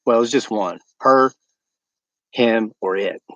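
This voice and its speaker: A man's voice: on the low side, measured pace, a bit bright, dry recording, lo-fi sound. Chatty American man on a livestream. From United States. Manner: chatty, rambling, talks to live viewers. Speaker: homesteading livestream host. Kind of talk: casual livestream chat. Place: outdoors at night by his woods.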